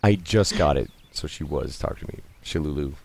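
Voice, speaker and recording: A man chatting casually as he plays a game, laughing often and reacting out loud to the action. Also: extremely low pitch, expressive, a little fast, creaky, no echo. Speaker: streamer and host. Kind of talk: casual gameplay commentary.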